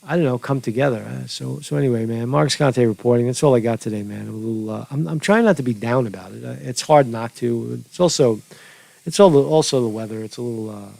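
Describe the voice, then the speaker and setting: A man's voice: medium pitch, quick pace, vocal fry, dark tone, no echo. A man hosting an informal commentary stream, rambling with many restarts and fillers. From New York. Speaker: news commentary host. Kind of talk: casual livestream commentary. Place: home studio.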